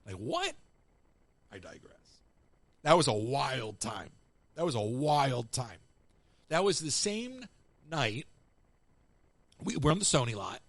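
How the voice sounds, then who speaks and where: A man's voice: fairly high pitch, no room sound. A man hosting a live call-in show, telling casual anecdotes and acting out what other people said. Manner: animated anecdotes, acts out other people's lines. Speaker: radio show host. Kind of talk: casual storytelling to live callers.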